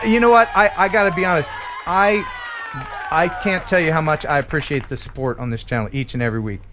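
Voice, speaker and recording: Talking fast in a slightly high voice, an American host on a live stream jokes casually and reads donor names with an upbeat lift. Crowd noise and other background noise are audible.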